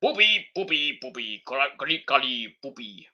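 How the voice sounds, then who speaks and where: A man voicing a boastful giant male wrestler in a slow, grunting, mocking impression. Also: mid-range voice, very animated, pushed and bright, dull audio, voice pushed down, exaggerated voice.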